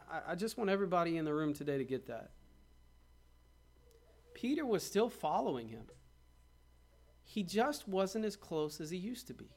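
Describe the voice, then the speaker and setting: High-voiced preacher man. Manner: preaching with dramatic quoted asides and rhetorical questions. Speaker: pastor. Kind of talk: sermon.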